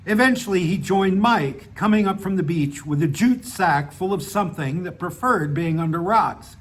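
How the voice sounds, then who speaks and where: A man reads his own short story aloud as audiobook narration, sounding relaxed and casual with self-deprecating asides, now and then stumbling and restarting a phrase. His voice is fairly high for a man, and faint noise runs underneath.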